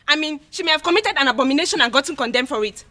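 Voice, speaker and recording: A woman's voice: high voice, lively intonation, bright, forceful tone. An actress with a Nigerian English accent playing an anxious young village maiden who blames her friend. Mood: regretful. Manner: fast accusing. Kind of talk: film acting.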